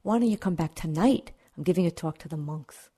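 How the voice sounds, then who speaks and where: A woman voicing a tired, gentle male spiritual teacher who answers patiently. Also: low-pitched, lively intonation, fairly quick, breathy edge. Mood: weary.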